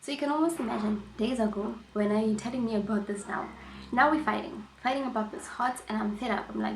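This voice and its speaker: A woman vlogger telling a personal story in a casual storytime chat, animated and emphatic, often repeating herself. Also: on the high side, quick pace, vocal fry, echoey room, slight background noise, low-quality recording.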